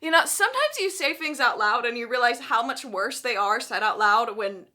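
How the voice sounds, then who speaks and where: A young woman recapping a book with sarcastic, animated asides. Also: a little high, moderate pace.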